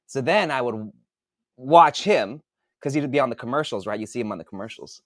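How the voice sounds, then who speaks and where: Forties guy host, rambly and profane, dry close sound, mid pitch. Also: animated, brisk, a bit bright, dry recording. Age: 40s. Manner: rambling, profane, thinks aloud with restarts. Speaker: author and podcast host. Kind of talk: casual livestream chat.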